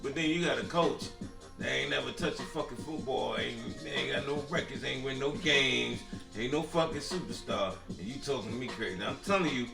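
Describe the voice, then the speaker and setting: A man co-hosting a casual chat show, joking and animated, swearing freely. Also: medium pitch, a little fast, gravelly, reverberant, recorded from a distance, over music.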